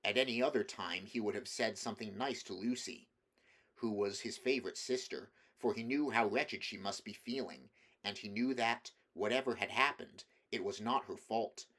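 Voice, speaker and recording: A man reading a novel aloud at a measured pace, with small slips and restarts. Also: fairly low pitch, a bit bright. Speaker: audiobook reader.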